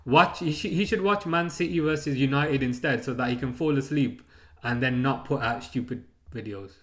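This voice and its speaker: A man streams a live football watchalong, chatting casually and launching into excitable, rambling rants that keep restarting. His voice is mid-range and moves at normal speed.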